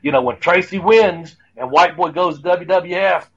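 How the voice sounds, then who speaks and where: This man speaks a little high with a husky, rough edge, rambling and cursing as he recalls the old days. The sound is muffled and lo-fi, like a remote call. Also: normal speed, fairly bright tone. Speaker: former wrestler, guest. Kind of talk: casual chat. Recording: dull lo-fi line.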